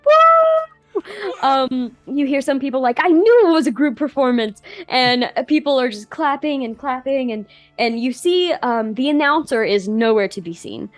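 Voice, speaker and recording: A woman running a tabletop game, narrating slowly and casually with plenty of "like"s. Her voice sits at a middle pitch, and faint music plays underneath. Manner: casual, filler-laden narration with many "like"s. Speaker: game master.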